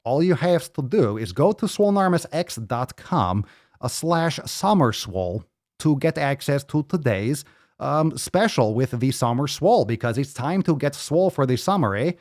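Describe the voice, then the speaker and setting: A man voicing a hammy pitchman in a jumbled put-on accent that tacks "eh" onto his lines. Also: very animated, moderate pace, darkish tone, dry recording, studio quality, natural voice. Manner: sing-song sales pitch, tags questions with "eh". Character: goofy mixed-accent male pitchman, hammy.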